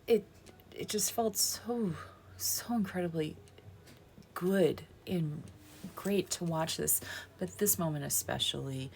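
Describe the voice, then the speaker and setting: A woman narrates her own vlog footage in a heartfelt, emotional voiceover, often close to tears. Her voice sits low with a gravelly fry, and a faint hiss of noise runs under the recording. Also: darkish tone. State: teary, crying at times. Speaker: planner vlogger.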